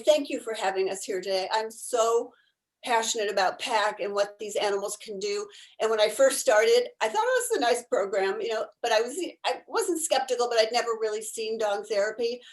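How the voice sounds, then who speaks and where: A woman's voice: on the high side, brisk, low-quality recording. A woman volunteer chatting animatedly on a video call, telling stories about her therapy dogs and laughing often. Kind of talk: casual storytelling on a video call.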